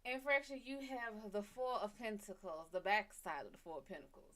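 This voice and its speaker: A woman's voice: mid-range voice, a little fast, fairly bright tone. A woman hosting a live tarot reading. She is loose and chatty, swears freely and talks to viewers by name, and she often turns away from her desk mic. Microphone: desk mic, often turned away from it.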